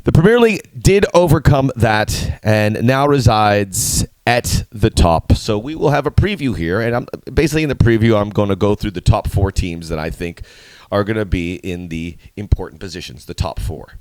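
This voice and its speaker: A middle-aged man hosting a soccer preview show, talking in an animated, playful way with sudden emphatic jumps. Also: fairly low pitch, normal speed, dry recording. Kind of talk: solo video commentary.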